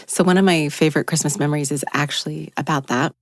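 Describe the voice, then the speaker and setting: A woman on a radio talk show team telling a personal story in a studio, acting out the quoted lines with lively jumps in pitch. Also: fast, dry recording.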